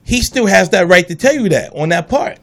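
Man, radio co-host, high voice, rapid speech, pushy debating, AAVE. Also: expressive, fairly bright tone. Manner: fast, insistent, talks over others. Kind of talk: heated casual debate.

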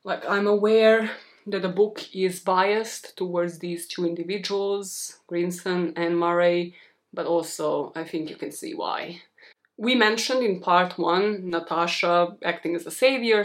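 A young woman talks through a true-crime case in a casual, chatty monologue. Her voice sits slightly low, and she rambles, throwing in self-deprecating remarks to her listeners. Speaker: true-crime podcast host.

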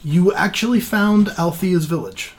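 A dungeon master running a tabletop game, chatty and quick to laugh at the table. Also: medium pitch.

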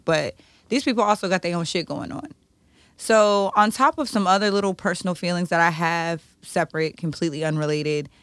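A woman's voice: medium pitch, fairly bright tone, no echo. A woman in her thirties co-hosting a podcast, talking candidly in a blunt, profane, emotional way. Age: 30s. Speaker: podcast co-host.

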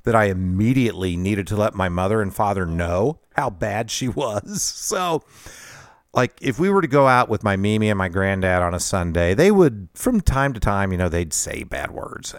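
A man's voice: lowish voice, dry recording, clean studio sound. A middle-aged man hosting a podcast, telling a personal story in a conversational, self-deprecating way with frequent laughs. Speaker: podcast host.

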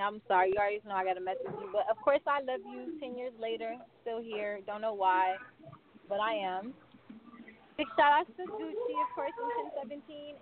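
Blunt woman calling into radio. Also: a little high. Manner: blunt, bossy, joking. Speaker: guest caller. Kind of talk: casual phone chat. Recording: tinny phone line with crowd noise.

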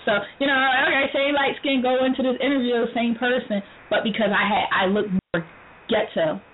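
A woman hosting a talk radio show, telling stories in a lively way, laughing often and acting out the people she quotes. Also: fairly high pitch, normal speed. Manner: animated storytelling, laughs often, acts out quoted voices. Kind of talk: casual talk radio chat. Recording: phone-line radio with faint noise.

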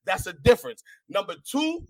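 A man's voice: high voice, huge pitch swings, normal speed. A man, a battle rapper, arguing heatedly with a rival and repeating himself to talk over others. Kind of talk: heated face-off argument.

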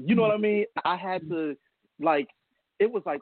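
A man's voice: sits high, normal speed, no echo. Male guest, heartfelt storyteller, laughs through it, dry tinny phone line. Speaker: guest, a father. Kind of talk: casual radio interview.

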